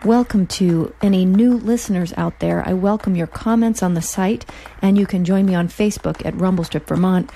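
A woman's voice: on the low side, normal speed, creaky, hardly any pauses, mellow, slight background noise. Wry woman host reading her story. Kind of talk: reading her own short story aloud.

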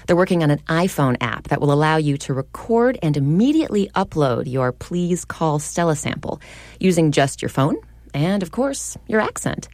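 A woman's voice: on the low side, darkish tone, no room sound. A woman radio reporter narrating a feature in a conversational, lightly scripted way.

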